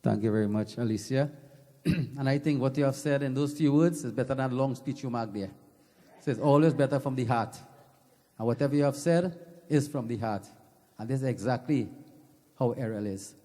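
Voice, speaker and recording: A man's voice: mid-range voice, fairly quick, warm tone. A man making informal, rambling announcements at a religious gathering in a temple. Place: temple hall. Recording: reverberant temple hall.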